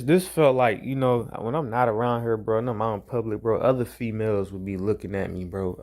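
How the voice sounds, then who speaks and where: A young man with a fairly low voice tells a personal story straight to the camera. He rambles and curses freely, circling back over the same phrases as he talks. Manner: rambling, profane, repeats phrases. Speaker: vlogger. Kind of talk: casual storytelling monologue.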